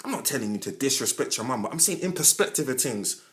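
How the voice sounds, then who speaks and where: Fast and fired up, a man with a London accent hosts a podcast in the form of a passionate monologue addressed to the listener. He piles on London slang and alternates abrupt loud bursts with quieter asides.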